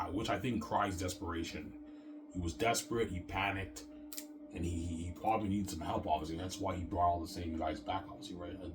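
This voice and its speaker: A man in a casual rant to his viewers, rambling and stammering, repeating the same filler words and swearing often. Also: sits low. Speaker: vlogger.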